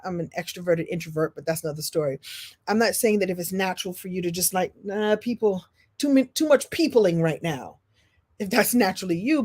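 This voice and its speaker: A woman's voice: mid-range voice, a little mellow. A woman in her sixties from Brooklyn gives a playful, motivational talk as a storytelling coach. She laughs often and slips into impressions. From Brooklyn, New York.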